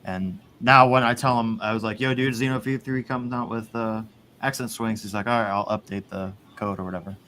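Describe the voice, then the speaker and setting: Casual male podcast host, low voice, rambling delivery, slight noise floor. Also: steady tone, a little fast, bright, forceful tone. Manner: rambling, swears, laughs often. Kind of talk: casual chat.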